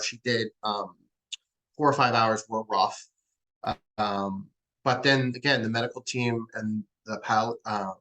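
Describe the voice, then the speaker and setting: A man's voice: medium pitch, bright, forceful tone, rough recording. A man in his forties, an interview guest, telling a heartfelt personal story and acting out the lines of others. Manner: heartfelt, acts out quoted lines. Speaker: guest, charity founder.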